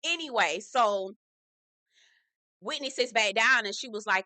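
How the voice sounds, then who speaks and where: A woman's voice: fairly high pitch, lively intonation, unhurried, sharp tone, dry recording. A woman casually recapping a reality TV episode in a sassy, profane, gossipy way, slipping into impressions of the cast. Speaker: reality TV reviewer.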